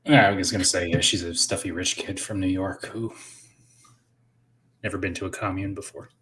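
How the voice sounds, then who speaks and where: A man's voice: deep voice, steady tone, moderate pace, sharp tone, a little hiss or hum. A man co-hosting a podcast, arguing points in a sardonic, provocative way. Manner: sardonic, argumentative. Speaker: podcast co-host. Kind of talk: casual podcast chat.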